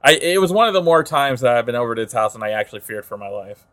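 A man's voice: medium pitch, expressive, very fast, fairly bright tone, no room sound. A young man co-hosting a podcast in casual chat, laid-back, laughing and swearing. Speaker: podcast co-host.

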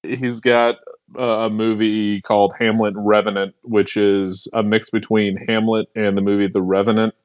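Man, low voice, podcast co-host, dry close mic, plain-spoken. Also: level tone, normal speed, no room sound. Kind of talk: casual podcast chat.

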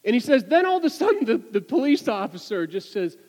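A man giving a sermon, telling an anecdote with lively delivery and many restarts and repeated words. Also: sits high, a little fast, big-room sound, low-quality recording. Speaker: preacher. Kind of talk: sermon with storytelling.

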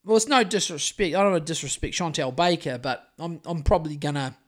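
A podcast co-host with a New Zealand accent talks fast in a mid-range voice. The casual banter rambles and jokes along, packed with fillers and restarts.

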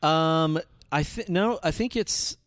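A man's voice: a little high, slow pace, no room sound, studio quality. A man co-hosting a casual movie review chat, joking and cursing freely as he riffs. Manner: profane, joking, riffs with silly voices. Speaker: podcast co-host.

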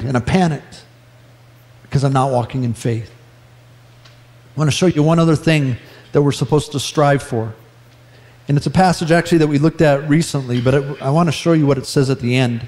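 A man preaching a sermon, earnest and conversational, with self-deprecating humor, slowing down for emphasis. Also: on the high side, a little mellow, big-room sound. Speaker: pastor. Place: church sanctuary.

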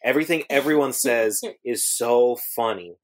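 A woman's voice: extremely low pitch, moderate pace. Wry woman in casual podcast chat. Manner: wry, laughing, quotes lines from memory. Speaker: podcast co-host.

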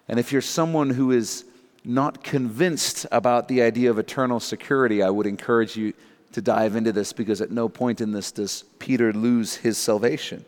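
A male pastor preaching a sermon, retelling scripture in an earnest, dramatic storytelling manner. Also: medium pitch. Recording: long hall reverb.

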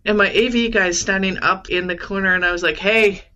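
A woman's voice: mid-range voice, steady tone, quick pace, pushed and bright, dull audio, a little hiss or hum. A woman in her forties, a guest in a casual interview, telling candid stories with laughs and acting out the people in them. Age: 40s. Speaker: podcast guest, event manager and grief educator.

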